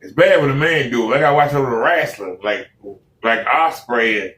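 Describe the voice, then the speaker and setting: A man hosting a reaction video, commenting in an exasperated, animated way and repeating himself. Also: mid-range voice, moderate pace, hardly any pauses, roomy sound, far from the mic. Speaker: reaction host.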